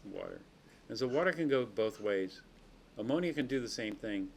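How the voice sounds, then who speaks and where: A man's voice: mid-range voice, expressive, moderate pace, gravelly. A man teaching a chemistry class, explaining reactions step by step and checking in with students. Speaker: chemistry lecturer. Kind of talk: classroom lecture. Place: lecture classroom.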